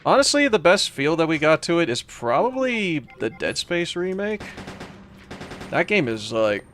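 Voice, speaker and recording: A man's voice: on the high side, very animated, unhurried, a bit bright, slight background noise. Young man rambling over a horror game. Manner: rambling, with frequent fillers and restarts. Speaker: let's play streamer. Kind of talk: casual gameplay commentary reading chat.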